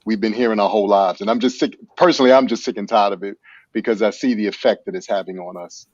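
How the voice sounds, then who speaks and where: A man's voice: lowish voice, steady tone, quick pace, a little mellow, no room sound. Earnest male guest, dull lo-fi sound. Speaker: guest on a talk show. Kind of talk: casual talk show discussion.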